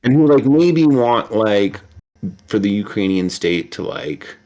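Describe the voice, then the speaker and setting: A young man from the United States with a very low voice, chatting as a guest on a podcast. He talks with animation and swears freely, slipping into the voices of people he quotes. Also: animated, unhurried, dark tone. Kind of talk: casual political chat.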